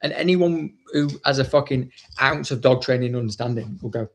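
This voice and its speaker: Blunt, sweary dog trainer. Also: male voice, medium pitch, brisk. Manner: swears freely, blunt and chatty. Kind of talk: casual chat.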